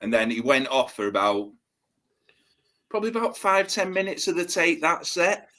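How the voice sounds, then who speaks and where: A man's voice: on the high side, expressive, moderate pace, pushed and bright. A man hosting a podcast, chatting in an easygoing, hesitant way with many fillers. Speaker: podcast host. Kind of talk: casual podcast chat.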